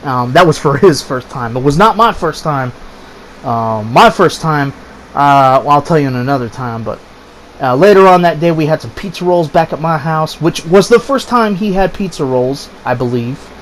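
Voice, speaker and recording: A man in his thirties telling a story in a casual, profane, animated way, swearing freely and acting out his friends' voices. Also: fairly high pitch, normal speed, slight background noise, poor audio.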